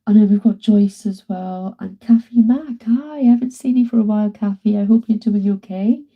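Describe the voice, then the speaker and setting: A woman's voice: mid-range voice, normal speed, narrow, tinny audio. A woman with a British accent, chatting casually to viewers on a live stream from home while she paints, greeting and thanking them by name. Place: at home, indoors.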